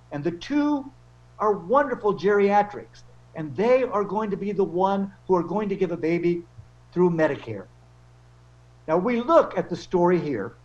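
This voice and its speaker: High-voiced man giving a jokey lecture. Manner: jokey, wry storytelling. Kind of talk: humorous lecture. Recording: dull lo-fi recording.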